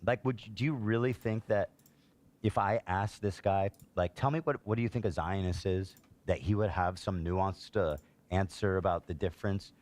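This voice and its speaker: A low-pitched man delivers heated political commentary on a live stream. He sounds exasperated and indignant, reading out online posts and then tearing into them. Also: normal speed, a little mellow. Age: adult, a parent.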